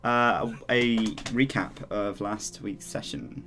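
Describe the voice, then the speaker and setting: A man's voice: on the low side, fairly even intonation, slow pace, a bit bright, faint music behind. A man hosting a tabletop game session as game master, joking and self-mocking in a casual, swearing way.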